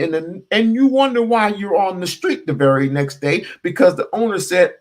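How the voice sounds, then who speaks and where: This is a man with a higher-than-usual voice, giving casual stream commentary. His pitch and loudness swing widely as he drives his points home. He talks straight to his audience, swearing and throwing out rhetorical questions. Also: normal speed, creaky. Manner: animated and emphatic, cursing, with big swings in pitch and loudness. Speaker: host reacting to a clip.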